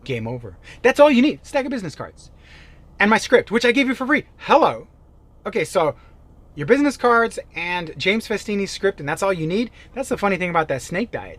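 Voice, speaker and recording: A man giving a motivational sales-coaching talk, emphatic and animated, jumping from loud bursts to quiet asides. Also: high voice. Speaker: real estate sales coach.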